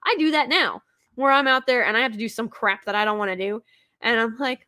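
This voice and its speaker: Casting note: woman, bright and fairly high, chatty movie-fan host with lots of fillers. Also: a little fast. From Texas. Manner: chatty, enthusiastic, many fillers and restarts. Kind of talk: casual movie commentary.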